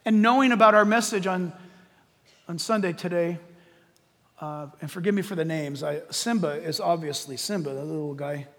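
A man's voice: on the high side, normal speed, fairly bright tone. A male pastor preaching a sermon in a conversational, emphatic way in a large church. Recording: long reverb in a large church.

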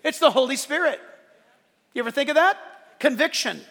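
A male pastor preaching a sermon, animated, acting out quoted voices along the way. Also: very high voice, fairly quick, creaky, long reverb tail.

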